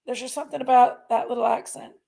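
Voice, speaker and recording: Woman, livestream host, gravelly fry, folksy rambling delivery. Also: on the high side, steady tone, fast, dark tone. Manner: rambling, folksy, talks to chat. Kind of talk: casual livestream chat.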